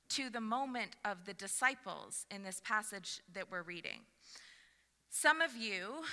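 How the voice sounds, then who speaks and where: A woman pastor giving a sermon to her congregation, building from calm reflection to lively, emphatic delivery. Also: medium pitch, in a large hall. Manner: expressive, rising to animated emphasis. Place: church sanctuary.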